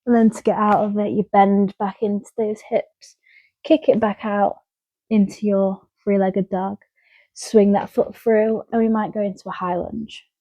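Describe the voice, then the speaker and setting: Female yoga instructor, warm low-brightness tone, dry close recording, guiding poses calmly while demonstrating. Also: measured pace, no echo, muffled recording. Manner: calm step-by-step cueing, talking while moving. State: out of breath. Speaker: yoga teacher.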